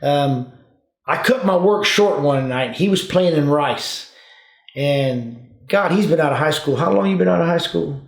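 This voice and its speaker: Folksy and drawling, a retired police officer in his later years spins casual stories and addresses listeners as "folks." He speaks a little slowly in a gravelly, animated voice on the high side. The recording is made in an echoey room.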